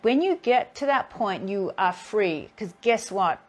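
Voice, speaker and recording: A woman's voice: medium pitch, measured pace. A woman healing therapist talking casually in a live stream, telling her own stories with energy and acting out both sides of each exchange. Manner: animated storyteller who acts out both sides of encounters. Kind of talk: casual spiritual talk.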